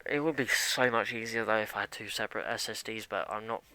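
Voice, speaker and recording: A man's voice: lowish voice, fast talker, sharp tone. A young man chatting casually and rambling as he streams a game, grumbling at it along the way. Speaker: live streamer.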